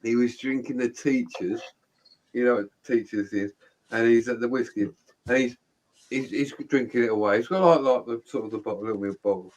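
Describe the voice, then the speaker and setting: A man's voice: medium pitch, fairly quick, a little hiss or hum, poor audio. A man telling anecdotes in casual chat, laughing and acting out his drunk friends.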